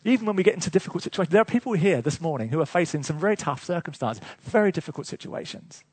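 Male preacher, sermon; high husky voice, chatty storytelling with chuckles. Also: racing, no room sound. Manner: lively storytelling with chuckles, asides to the congregation.

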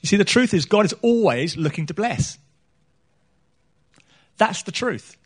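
Speaking with lively intonation and a breathy edge, a male preacher with a notably high voice gives a chatty, humorous sermon on a small church stage, pausing to put questions to the congregation as a poll.

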